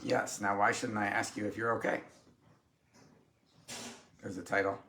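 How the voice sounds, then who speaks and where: A man's voice: lowish voice, flat delivery, measured pace, bright, forceful tone, a little hiss or hum. A man co-hosting a podcast with his wife, making short dry and teasing remarks. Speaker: co-host husband. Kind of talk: casual podcast chat.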